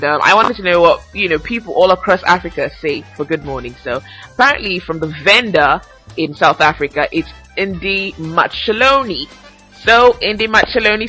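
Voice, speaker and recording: Bright, chatty woman podcaster. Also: medium pitch, low-quality recording. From Nigeria. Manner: lively, chatty, laughs a lot. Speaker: podcast host. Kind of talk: casual solo podcast chat, reading fan tweets.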